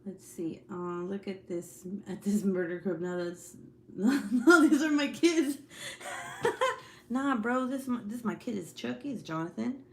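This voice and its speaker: A woman of ordinary pitch chats with her viewers about her kids in a loose, slangy way, laughing often and swearing without a second thought. Faint noise sits under her voice. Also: expressive, unhurried, gravelly. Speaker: livestream host chatting with viewers; mother of several young kids. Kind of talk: casual chat.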